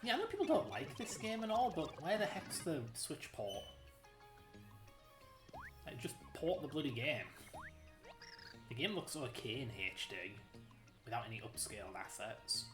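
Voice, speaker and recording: A woman's voice: low voice, big pitch swings, normal speed, long pauses, echoey room. A woman playing a video game on stream, grumbling and joking in casual chat with game music behind. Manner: wry, grumbling, jokey. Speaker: co-streamer, player.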